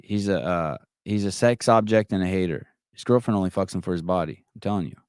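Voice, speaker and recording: A man's voice: deep voice, quick pace, a little mellow, smooth, no room sound, clean studio sound. A middle-aged man hosting a live call-in podcast, brash, mocking and profane in casual chat. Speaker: podcast host.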